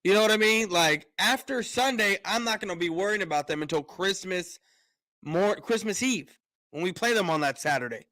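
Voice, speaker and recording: A man's voice: high-pitched, expressive, normal speed, bright, forceful tone, dry recording. A man ranting on a casual sports live stream, fired up, repeating words and restarting his sentences often.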